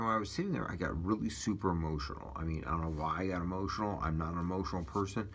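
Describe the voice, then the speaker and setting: A man with a deep, low-pitched voice recounts his personal testimony in a loose, casual way. He drifts and restarts, filling gaps with ums and uhs the way a taxi driver tells a long story. A faint hiss of noise runs under the recording. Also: quick pace, hardly any pauses. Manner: rambling storytelling with many fillers and restarts.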